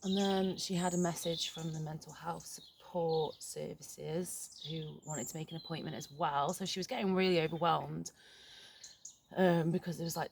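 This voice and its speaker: A middle-aged woman talking frankly in a reflective vlog, halting and swearing casually, recorded outdoors in a garden. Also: deep voice, vocal fry, noisy background. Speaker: vlogger.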